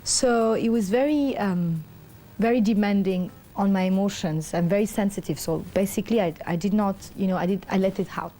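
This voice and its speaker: Her voice is medium in pitch and fairly quick. A middle-aged interview guest, she rambles through a personal story with lots of fillers, animatedly performing the voices of others in it.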